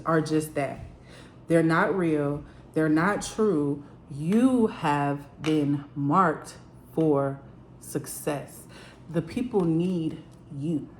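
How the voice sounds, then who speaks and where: A woman's voice: low-pitched, a little mellow, roomy sound, a little hiss or hum. A woman giving a spiritual card reading at home, talking earnestly and emotionally with lots of "like" fillers.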